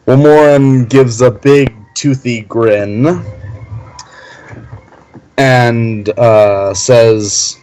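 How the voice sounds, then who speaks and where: A man at a tabletop game, narrating his character's moves hesitantly. He talks slowly at a middle pitch. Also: a little mellow, smooth, low-quality recording. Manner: hesitant, many "um"s. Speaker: player.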